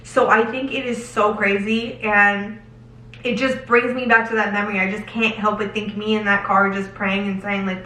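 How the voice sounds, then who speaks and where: A woman's voice: medium pitch, little pitch movement, moderate pace, sharp tone. A young woman answering viewer questions to camera in a casual, emotional and candid chat, drawing out words for emphasis. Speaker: lifestyle vlogger. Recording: roomy echo, slightly distant from mic.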